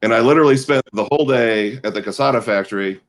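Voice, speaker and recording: In a casual chat, this Midwestern guest storyteller, a man in his forties, rambles through a long anecdote and keeps restarting his sentences. He talks at a quick pace in a mid-range voice, and the audio quality is poor.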